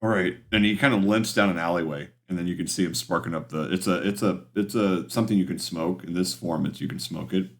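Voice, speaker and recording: Game master, male, lowish voice, halting filler-heavy narration. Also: steady tone, creaky.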